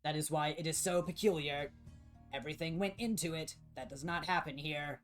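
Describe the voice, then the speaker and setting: A man plays a male robot scavenger in a tabletop game, pitched a little above his usual voice. He speaks stiffly and formally, never shortening his words. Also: steady tone, brisk, a bit bright, soft background music, natural voice. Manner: stiff, formal speech without contractions.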